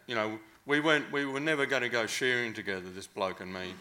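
A man's voice: on the low side, fast, hardly any pauses, bright, forceful tone. An Australian man telling a long, casual anecdote, rambling and hesitant with many fillers.

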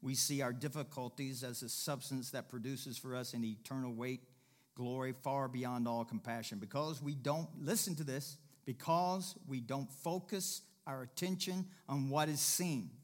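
A male preacher delivering a sermon in a folksy, conversational way, building to loud, emphatic exhortation. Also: mid-range voice, fairly even intonation, moderate pace. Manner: emphatic, rising to shouted exhortation.

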